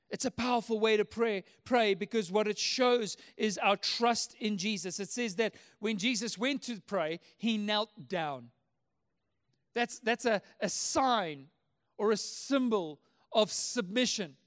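Male pastor with a very high voice, earnest, emphatic sermon delivery. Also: measured pace, a bit bright. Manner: earnest, emphatic preaching with repeated phrases.

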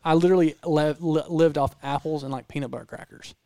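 A Southern American man with a gravelly edge to his voice, rambling through a story on a close, dry studio mic. He talks in bursts, restarting sentences and getting animated as he goes. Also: fairly high pitch, quick pace, no room sound. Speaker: podcast guest storyteller. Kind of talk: casual storytelling chat.

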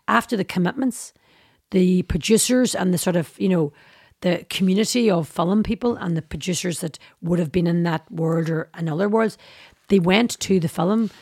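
A woman with a Derry accent, a guest telling lively stories in a casual interview, acting out quoted voices and saying "aye" a lot. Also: on the low side, no echo, clean studio sound. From Derry, Northern Ireland. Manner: animated storyteller, acts out quoted voices, says "aye" often. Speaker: guest actor and singer.

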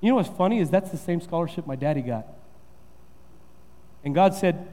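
High-voiced preaching pastor in a hall. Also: male voice, animated, fairly quick, long pauses, mellow. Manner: preaching with rising emphasis and repetition. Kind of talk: sermon.

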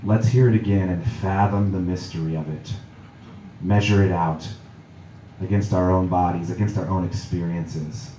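A man's voice: sits low, steady tone, moderate pace, dark tone, dull audio, slight background noise. A man preaching a reflective sermon as pastor, musing aloud with small restarts. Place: church sanctuary. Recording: echoey hall from far off.

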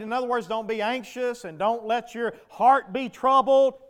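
A male pastor preaching a sermon, asking the congregation questions and building to loud, emphatic passages. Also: very high-pitched, moderate pace, smooth. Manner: preaching with rhetorical questions to the congregation, rising to shouts.

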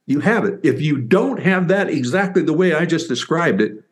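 An older man, a former football player and author, telling stories in an interview with animated, rambling enthusiasm. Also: fairly high pitch, moderate pace. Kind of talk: interview storytelling.

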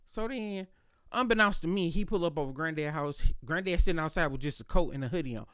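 A podcast host telling a casual story in a loud, animated, slangy way, with plenty of cursing. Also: male voice, fairly high pitch, fast talker, clean tone, dry recording, studio quality.

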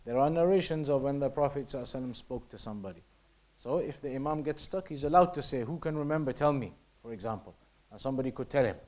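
A man's voice: medium pitch, expressive, racing, a little mellow. A man teaching a religious lesson, reading passages and explaining them in English. He repeats his points often and sometimes drops to a near-whisper to show how something is said. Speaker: teacher of Islamic law.

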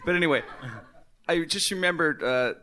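A male talk show host with a bright, forceful, fairly high voice. He talks excitedly, stumbles over his own words and restarts his sentences, and keeps laughing along with the crowd. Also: moderate pace. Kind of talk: live comedy talk show banter.

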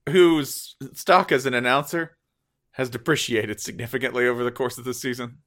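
A man's voice: mid-range voice, steady tone, moderate pace, fairly bright tone. A man co-hosting a sports podcast, joking in casual banter and laughing often. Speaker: podcast co-host.

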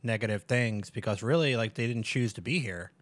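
A man with a lisp in casual podcast chat, joking and playing dumb with deadpan quips. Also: mid-range voice, fairly quick, dry recording.

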